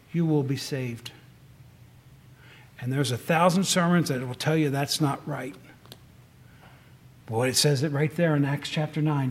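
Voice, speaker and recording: High-voiced man preaching casually. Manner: conversational, asks the audience questions, restarts often. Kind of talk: informal sermon. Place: room with a tin roof in the rain.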